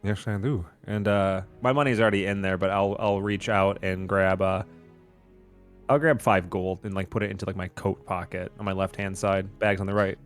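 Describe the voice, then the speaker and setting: A man playing a tabletop game, talking casually in a halting way with many fillers. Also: sits low, fairly even intonation, soft background music. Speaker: player.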